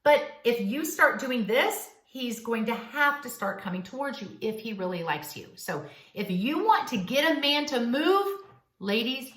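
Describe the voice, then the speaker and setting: Animated woman giving dating advice. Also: fairly high pitch, reverberant. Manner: animated, playful, coaching tone with acted-out lines. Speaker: dating coach. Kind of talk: direct-to-camera advice vlog.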